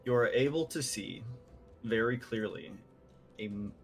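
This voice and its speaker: A man narrating as game master of a tabletop game, slow and rambling with many fillers. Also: medium pitch, vocal fry, soft background music.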